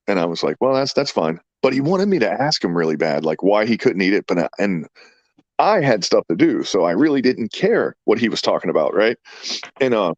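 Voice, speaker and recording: A man's voice: lowish voice, fairly quick, dry recording, dull audio. A man in his fifties, a podcast host telling rambling, profane stories in casual chat. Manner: rambling, profane, animated storyteller.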